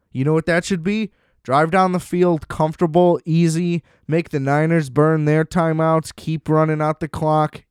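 A man rants about football in a blunt, sarcastic way and swears freely. His voice sits a little higher than most men's and comes across smooth and clear. The recording is dry and close, with no room sound. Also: a little mellow, no echo. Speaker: sports commentator. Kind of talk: casual solo sports rant.

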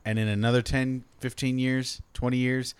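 A man's voice: medium pitch, flat delivery, normal speed, smooth, no echo. A man co-hosting a podcast in sarcastic, profane comedic banter. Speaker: podcast co-host.

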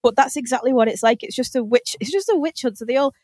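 A woman's voice: high voice, fast, a little mellow, no echo. A woman hosting a podcast, telling a story in casual chat with lots of laughter and freely swearing. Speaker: podcast host.

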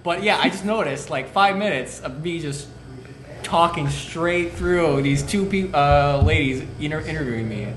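A man's voice: on the high side, normal speed, fairly bright tone. A man telling a story in loose, casual podcast chat. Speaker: podcast co-host. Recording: echoey room with faint noise.

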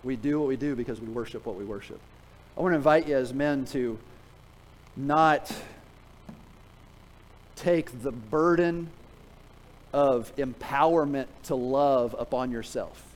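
A middle-aged man preaching a sermon in a church, telling a story with humor, then dropping to a quiet, earnest tone to drive a point home. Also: mid-range voice, a little slow, pauses often, low-quality recording. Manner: animated storytelling, jokes with the congregation; drops to a quiet, earnest tone for emphasis. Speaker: pastor. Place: church sanctuary.

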